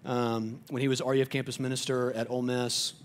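A male pastor preaching a sermon in a conversational way. He often repeats words as he starts sentences, and he drops to a quiet, soft voice on tender points. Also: medium pitch, level tone, a little fast, slight background noise.

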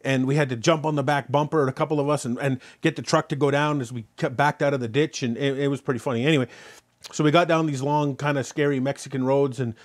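A Canadian pastor preaches a sermon, telling a story and then hammering his points home with repeated rhetorical questions. He is animated and gets louder on key points, speaking fast at medium pitch.

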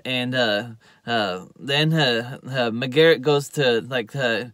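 A man gives a loose, rambling recap of a TV episode, filling it with "uh" and "you know." His voice is bright and forceful, recorded dry and close with no room sound. When he quotes the characters, he jumps louder and higher. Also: takes it slowly, no echo. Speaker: TV show reviewer. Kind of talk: casual spoken recap.

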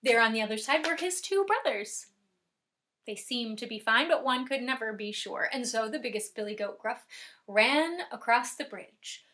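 A woman storyteller telling a folk tale to families, dramatic, swelling loud and dropping soft. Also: fairly high pitch, lively intonation, normal speed. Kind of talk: lively oral storytelling for families.

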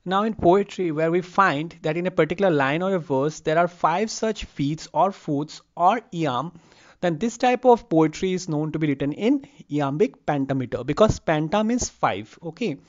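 A male teacher explains a lesson on a lapel mic. He sounds a little higher than most men, and the recording is slightly dull and lo-fi. He repeats example words aloud and checks in with an okay. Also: animated, moderate pace. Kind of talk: explaining a lecture. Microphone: lavalier.

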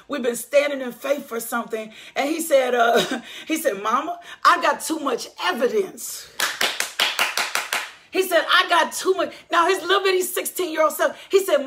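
A middle-aged woman, hosting and giving an emotional faith testimony, repeating phrases and building up to shouts. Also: sits high. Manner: preachy, repetitive, building to shouts. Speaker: podcast host.

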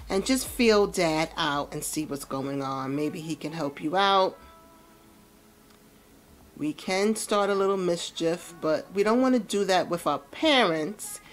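A woman giving casual let's-play commentary, chatting about what her game characters feel. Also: lowish voice. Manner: chatty, narrates characters' feelings. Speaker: gameplay commentator.

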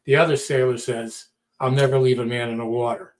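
A man's voice: medium pitch, little pitch movement, brisk. A middle-aged man telling a story in casual talk, acting out quotes and often repeating words. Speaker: podcast storyteller.

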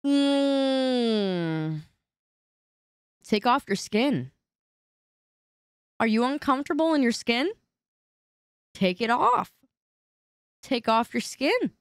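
A woman's voice: a little high, animated, extremely slow, pauses often, smooth, no room sound, studio quality. A woman streamer in casual live-stream chat, whiny and indignant as she bickers with her chat.

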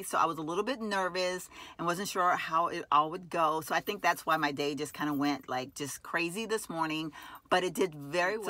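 A woman's voice: sits low, pushed and bright, no echo. A woman chatting casually to her viewers while vlogging from her car, calling them y'all. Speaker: lifestyle vlogger. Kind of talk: casual vlog chat. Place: inside a car.

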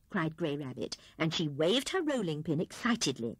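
A woman reads a children's storybook aloud with an animated voice that rises and falls widely. Her tone is slightly breathy, and the recording is close and dry. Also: low voice, moderate pace, hardly any pauses, no echo. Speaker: audiobook narrator.

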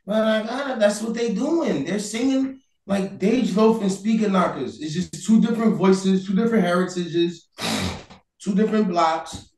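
A high-pitched man argues his point in a loud, heated way, swearing freely and breaking into shouts. His voice rings in an echoey room. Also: unhurried, distant mic. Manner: loud, animated, profane, argumentative, often shouting. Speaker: interview guest. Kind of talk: heated casual debate.

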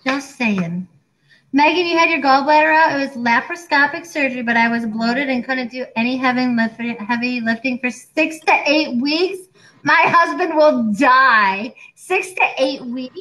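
A woman in her forties co-hosting a casual chat, talking in a chatty, animated way and acting out other people's lines. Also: sits high, normal speed, poor audio. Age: 40s. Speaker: co-host.

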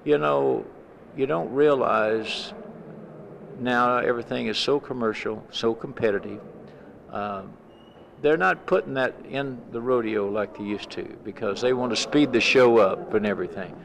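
Gravelly plainspoken cowboy man. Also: mid-range voice, unhurried, a little hiss or hum. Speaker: trick rider interviewee. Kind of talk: interview chat.

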